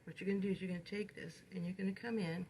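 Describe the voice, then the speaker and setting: In a rough recording, a woman speaks rapid-fire in a husky, darkish, medium-pitched voice with a steady tone. She's a knitting instructor teaching tassel-making step by step in a hands-on demo, leaning on the phrase "you're gonna."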